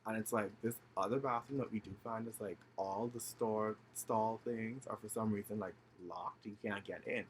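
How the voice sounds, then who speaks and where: A man's voice: fairly low pitch, moderate pace, hardly any pauses, a little hiss or hum. A young man casually telling a story to camera, full of fillers and slang, acting out the people he quotes. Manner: animated, acts out the people he quotes; filler-heavy slangy chatter, swears freely. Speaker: vlogger.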